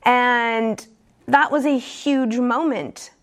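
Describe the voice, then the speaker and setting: A woman telling her own recovery story at a support meeting, candid and earnest, halting often with fillers and restarts. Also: fairly high pitch. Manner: earnest and emotionally open. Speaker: speaker sharing at a recovery meeting. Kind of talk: personal recovery testimony.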